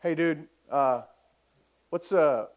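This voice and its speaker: A man's voice: on the high side, slow, lo-fi sound. A man quoting a crude, blunt young male coworker in casual slang during a sermon story.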